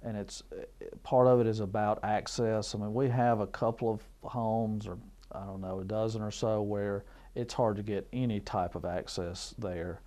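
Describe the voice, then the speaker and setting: A man's voice: on the low side, fairly even intonation, moderate pace, warm tone. A man speaking as a school district leader in a documentary interview, reflective and searching.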